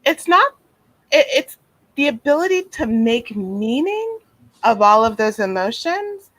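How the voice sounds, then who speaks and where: A woman with a fairly high voice talks gently and reflectively as a guest therapist. She is on a video call with a dry, close sound, and she often restarts her sentences around soft fillers. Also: sing-song, unhurried, no room sound, rough recording. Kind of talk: casual interview talk.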